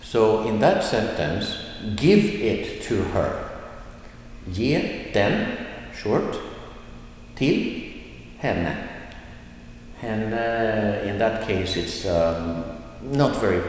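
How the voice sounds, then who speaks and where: A male language teacher giving a lesson, saying example sentences slowly and then going through each word. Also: lowish voice, animated, a little hiss or hum. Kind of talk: slow explanatory lesson. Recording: echoey room with long reverb.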